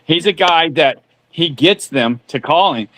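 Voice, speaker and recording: A man's voice: on the high side, animated, measured pace, fairly bright tone, dry recording, low-quality recording. A man in casual chat, telling stories and repeating himself, a bit tipsy. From Nevada, USA. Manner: storytelling, repeats words, tipsy.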